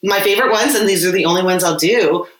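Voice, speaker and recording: A woman's voice: fairly low pitch, fast, echoey room, rough recording. A woman co-hosting a podcast, chatting casually and animatedly, laughing often. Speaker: podcast co-host. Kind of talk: casual chat.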